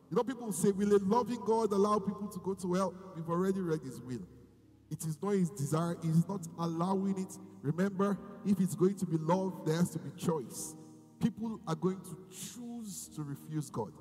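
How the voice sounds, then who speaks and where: High-voiced preacher in a reverberant hall. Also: male voice, expressive. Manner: preaching with sudden loud, slow sung-out bursts of praise. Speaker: pastor. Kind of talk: sermon. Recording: long hall reverb with faint music.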